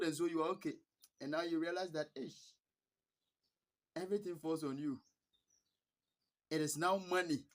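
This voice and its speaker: A Ghanaian man vlogging in a casual storytelling style. He is animated and laughs between phrases. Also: a little high. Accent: Ghanaian English. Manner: earnest, blessing-filled sign-off.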